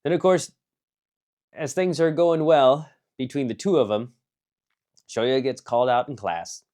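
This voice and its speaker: With a mid-range voice that runs a little slow, a man rambles through a casual review of an anime film. Fillers and restarts pile up as he moves between excited bursts and softly muttered asides.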